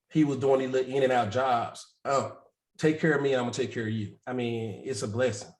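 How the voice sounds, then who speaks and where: A man who coaches real estate investing, telling candid stories with a loose, self-mocking manner and frequent laughter on a group video call. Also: medium pitch. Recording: roomy echo.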